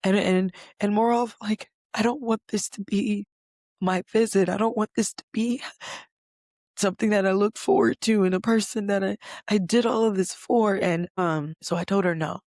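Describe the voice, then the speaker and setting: A woman's voice: medium pitch, steady tone, normal speed, darkish tone, no room sound, studio quality. A young adult woman hosting a podcast, telling a personal story in a candid, conversational way with frequent fillers and the odd swear word. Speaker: podcast host.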